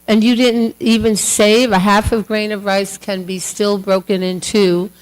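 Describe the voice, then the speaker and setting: A woman voicing an indignant goddess wife who scolds her husband in heated, rapid complaints. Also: mid-range voice, fairly even intonation, in a large hall, lightly acted, poor audio.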